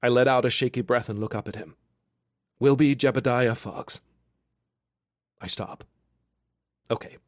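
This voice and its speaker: A man narrating a romance audiobook in the first person, wry and expressive. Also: mid-range voice, brisk, pauses often, dry recording, studio quality. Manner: wry, expressive, self-deprecating.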